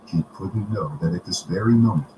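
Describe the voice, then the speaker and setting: Guy reading a story aloud on stream, low voice, hissy background. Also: a little fast, lo-fi sound. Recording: noisy home recording.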